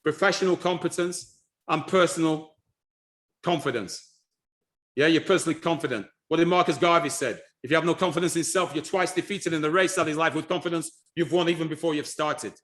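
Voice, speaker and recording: A man giving a lively presentation on history and culture, animated and repeating himself, with frequent restarts. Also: fairly high pitch, a little fast. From United Kingdom.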